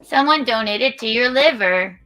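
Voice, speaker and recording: A woman's voice: on the high side, lively intonation, measured pace, pushed and bright, no room sound, faint music behind. Chatty woman hosting a livestream. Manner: chatty, reads out viewer donations playfully. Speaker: livestream host. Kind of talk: casual livestream chat.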